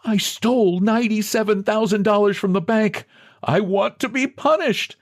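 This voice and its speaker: A man's voice: sing-song, normal speed, gravelly, heavily acted. A man voicing a broken middle-aged clerk who pleads pitifully to be believed. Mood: pleading. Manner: pitiful, high and begging.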